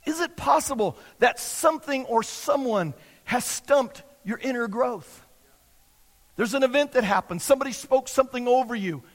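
A man's voice: extremely high pitch, animated, normal speed, big-room sound. A man preaching a sermon as pastor, emphatic and repetitive, sometimes acting out the people he quotes.

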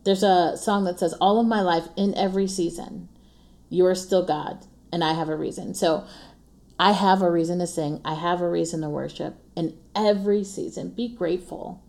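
A woman in her 40s hosts a podcast with an earnest, encouraging faith-based monologue, keeping it casual, laughing often and repeating her refrains. Her lowish voice is steady, creaky, a little mellow, at normal speed.

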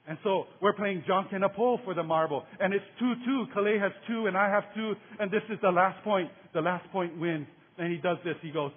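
Male pastor, high-pitched, casual animated storyteller; thin phone-like recording. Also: moderate pace, husky. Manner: animated storyteller, builds to excited peaks; casual slang, repeats words. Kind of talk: sermon with storytelling. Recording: tinny phone-like sound.

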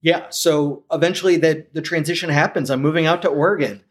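A man from St. Louis telling his story as a podcast guest, animated and acting out the lines of people he quotes. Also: a little high, a little fast. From St. Louis, USA. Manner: animated, acts out quoted dialogue. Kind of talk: casual storytelling.

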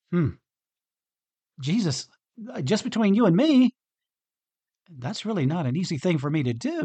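A man hosting a podcast who reads a Bible passage and then talks it through in a chatty, animated way, often restarting his sentences. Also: mid-range voice, husky. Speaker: podcast host. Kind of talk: conversational Bible talk.

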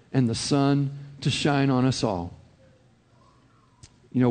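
A man's voice: mid-range voice, darkish tone, in a large hall. A man preaching a sermon as a pastor, conversational, with frequent "you know" asides.

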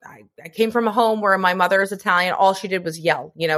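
Woman co-host, mid-pitch voice, earnest chatty talk, drops casual swears. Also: fast talker, a bit bright. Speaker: podcast co-host. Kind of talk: casual chat.

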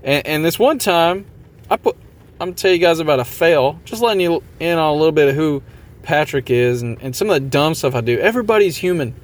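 A man's voice: on the high side, expressive, a little fast. A man hosting a podcast, talking casually and motivationally, rambling a bit and poking fun at himself while repeating his catchphrases. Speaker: podcast host.

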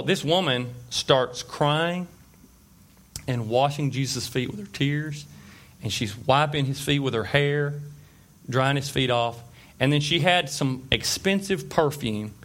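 A man's voice: mid-range voice, a bit bright. Man preaching a chatty sermon. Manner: conversational storytelling with fillers and asides; checks in with the listeners. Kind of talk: informal sermon.

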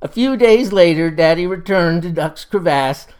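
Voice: medium pitch, normal speed, a little mellow, clean tone. A storyteller narrating a folksy tale in a wry, leisurely way. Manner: wry, leisurely yarn-spinning.

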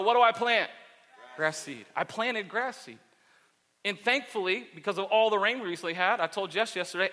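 A man's voice: high voice, pushed and bright. A man in his thirties preaching a sermon as a pastor, telling jokey stories in a chatty way. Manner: joking, conversational storytelling. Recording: long hall reverb.

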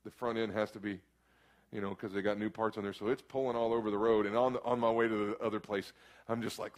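A middle-aged man, preaching a storytelling sermon that swings from hushed asides to sudden shouts. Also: on the low side, lively intonation, fast talker. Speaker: pastor.

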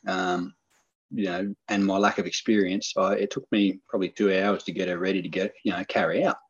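A middle-aged man, excitedly telling a hunting story on a casual podcast. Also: sits low, a little fast, husky, muffled recording. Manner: animated, excited storyteller, acts out quoted lines.

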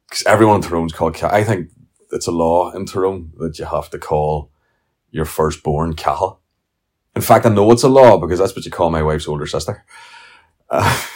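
With a low, slightly mellow voice at a moderate pace, this middle-aged Northern Irish podcast host rants casually, spinning blunt stories laced with swearing.

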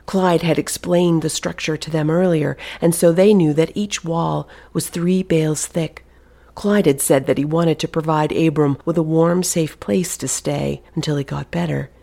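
A narrator reading a suspenseful novel aloud, in a hushed delivery that often drops to a whisper. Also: medium pitch, steady tone, normal speed, gravelly. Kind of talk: audiobook narration.

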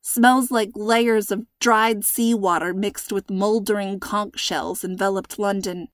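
A woman narrating a story in an expressive, tense reading. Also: mid-range voice, slow pace, no room sound, studio quality.

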